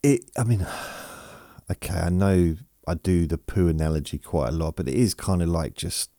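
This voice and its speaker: A man hosts a sleep podcast in a deep voice, drifting from thought to thought and teasing himself. His tone is soft and mellow, and the sound is dry and close. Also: fairly even intonation, moderate pace, no echo. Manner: meandering, self-mocking, reads listener messages aloud. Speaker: podcast host. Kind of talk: rambling sleep podcast chat.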